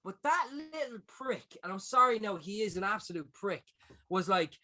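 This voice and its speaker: Young Irish male podcast co-host, animated sweary storyteller, slightly high voice, dry sound. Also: fairly quick, dry recording. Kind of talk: casual chat.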